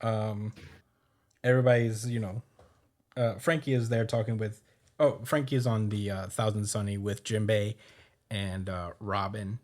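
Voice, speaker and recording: Host, male, low voice, casual recap, loose and rambling. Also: steady tone, a little mellow. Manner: rambling, many fillers, quick laughs. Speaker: podcast host.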